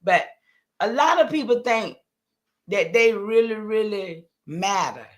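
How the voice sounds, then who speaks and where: Unhurried and expressive, with a voice pitched a little high, the older livestream host rambles on with emphasis. She keeps reacting to her viewers' comments.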